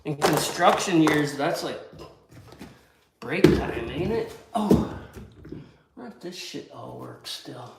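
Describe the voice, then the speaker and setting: A man's voice: a little high, animated, takes it slowly, vocal fry, pauses often. A man working as a building contractor, grumbling and swearing to himself and his viewers as he works. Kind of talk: casual work vlog, talking while working. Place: windowless building under construction, indoors. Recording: echoey room, distant mic, faint noise.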